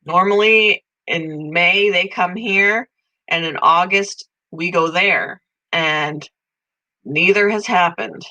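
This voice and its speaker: A congested middle-aged woman chats casually with her viewers on a live stream. Her voice is bright and forward even through the stuffiness, and she talks in an easygoing, friendly ramble. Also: lowish voice, slow, poor audio. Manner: chatty, talks to viewers by name, coos softly over pets. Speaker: channel host.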